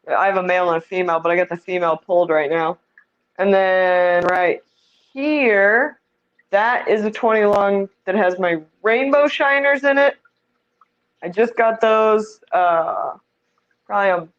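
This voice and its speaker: A woman's voice: mid-range voice, muffled recording. A woman giving a casual tour of the fish tanks in her home, chatty and self-deprecating, laughing easily.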